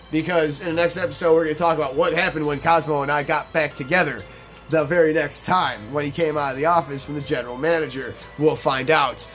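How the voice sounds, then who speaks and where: A man hosting a let's play, telling a profane work story in an animated, casual way and acting out what people said. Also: a little high. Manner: animated, profane storyteller who acts out quotes. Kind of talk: storytelling over gameplay commentary.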